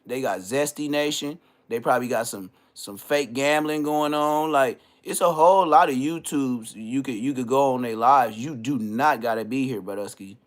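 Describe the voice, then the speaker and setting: A man from Southern California hosting a livestream, ranting in a casual, comedic way with stammered restarts and frequent throat clearing. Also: mid-range voice, moderate pace, hardly any pauses. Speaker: livestream host.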